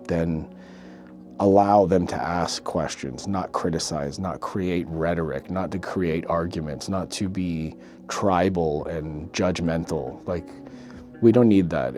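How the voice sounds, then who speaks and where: A man with a fairly low voice talks straight to his viewers in a loose vlog, his throat sore and dry from waking up ill. He speaks earnestly, breaking off and restarting phrases as he goes. Faint music sits beneath him. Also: dark tone. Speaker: home theater channel host. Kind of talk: casual vlog talk to camera.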